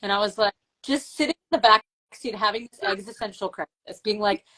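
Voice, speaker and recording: A woman hosting a casual podcast, telling stories in an animated way, full of likes and ums. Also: mid-range voice, a little fast, rough recording. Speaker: podcast host.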